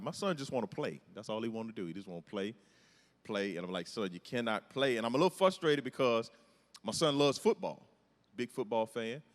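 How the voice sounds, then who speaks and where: A middle-aged man, doing a self-deprecating stand-up comedy set in a large church hall. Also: fairly low pitch. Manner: storytelling, animated, self-deprecating. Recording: hall reverb from a large venue.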